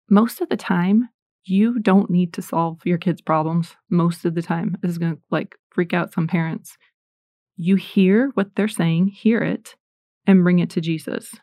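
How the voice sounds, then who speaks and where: A middle-aged woman giving a casual, animated Christian talk, chatty and self-deprecating. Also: on the low side, no room sound, clean studio sound. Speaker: Christian podcaster.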